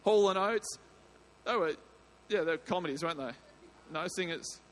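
A man preaching in a church, his voice sitting high for a man. He talks in a chatty, jokey way, cutting himself off and then pushing hard on key words. A faint hum runs under the recording. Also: moderate pace, a bit bright. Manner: chatty, jokey, self-interrupting, bursts of emphasis. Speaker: pastor. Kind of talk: evening sermon. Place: church hall.

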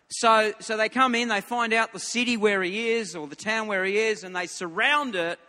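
Bright-voiced male preacher in a hall. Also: sits high, a little fast, hardly any pauses. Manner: earnest, repeats words when starting a thought. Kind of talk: sermon.

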